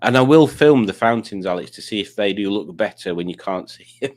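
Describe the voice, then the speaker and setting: A man's voice: lowish voice, expressive, brisk, darkish tone. Rambling man hosting a stream. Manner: rambling, reads out chat comments. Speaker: quiz stream host. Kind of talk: casual live-stream chat.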